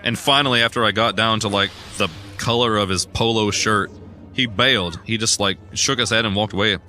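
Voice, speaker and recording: A young man chatting casually while he plays a video game, self-deprecating and given to sudden excited yelps. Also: lowish voice, fairly quick, faint music behind. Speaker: gaming streamer. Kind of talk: casual rambling gameplay commentary.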